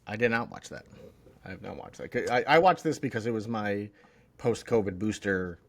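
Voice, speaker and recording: A man's voice: fairly low pitch, expressive, moderate pace. A man co-hosting a podcast, chatting casually about TV in a rambling, jokey way full of restarts. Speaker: podcast co-host.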